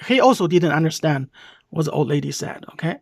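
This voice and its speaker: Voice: mid-range voice, lively intonation, brisk. Heated commentator with a Chinese accent. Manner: keeps asking "okay?", explains word by word, heated and accusing. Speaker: video commentator. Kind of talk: reaction commentary over a video clip.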